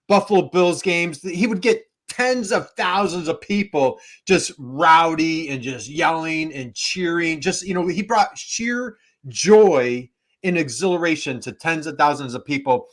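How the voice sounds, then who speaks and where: An enthusiastic man from Western New York co-hosts a casual online show. He tells stories with lots of laughter and rambling restarts, in a slightly high voice. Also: a bit bright. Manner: enthusiastic storyteller, laughs often. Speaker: podcast co-host. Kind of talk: casual chat.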